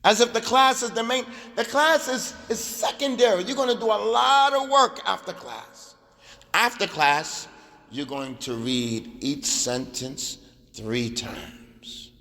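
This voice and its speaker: Guy teaching arabic at the mosque, bright forceful voice, pushes hard and repeats himself, big echoey hall. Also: sits high, slow. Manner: emphatic, repetitive, drills phrases aloud. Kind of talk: lecture in a mosque. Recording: long hall reverb.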